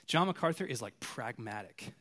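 A pastor, a man, preaching a sermon in a casual, animated, conversational way. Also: mid-range voice, normal speed.

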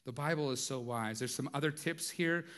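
A man's voice: fairly high pitch, normal speed, a bit bright. A man preaching a sermon in a conversational way, with light humor and frequent rhetorical asides. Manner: light humor, acts out everyday dialogue. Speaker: pastor.

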